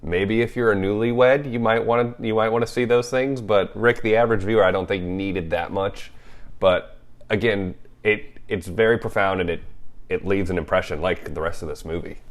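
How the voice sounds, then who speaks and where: Young male co-host, very deep voice, animated and jokey. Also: normal speed. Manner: animated, jokey, laughs often. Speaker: podcast co-host. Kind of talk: casual movie chat.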